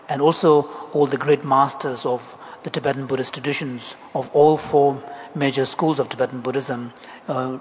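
Hesitant man interpreting a dharma talk. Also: medium pitch. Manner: hesitant, many ums and uhs. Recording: long hall reverb, faint noise.

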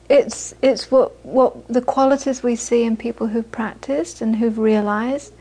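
Brief: bright high female voice, Buddhist teacher, chatty talk to listeners, loose and unscripted. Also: fairly even intonation, unhurried, few pauses. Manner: conversational storyteller with frequent restarts. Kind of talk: dharma talk to a live audience.

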